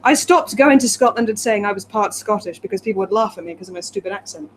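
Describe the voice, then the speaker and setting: A woman reads a timeline aloud in a chatty co-host banter, breaking into giggles and playful asides. Her voice sits at a middling pitch. A faint hum of room noise runs behind her. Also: fast talker, poor audio. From England.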